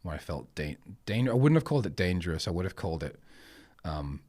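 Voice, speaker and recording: Low-voiced man, reflective podcast guest. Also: very animated, fairly quick, a little mellow. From grew up moving between Germany and England. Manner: reflective, storytelling. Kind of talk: casual conversation.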